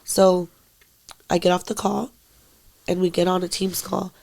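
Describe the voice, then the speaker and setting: A young woman co-hosting a casual podcast, speaking haltingly with lots of "like" and swearing, quiet and emotional, at times dropping to near-whispers. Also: fairly low pitch, level tone, creaky. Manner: halting, full of "like" and frequent swearing. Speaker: podcast co-host.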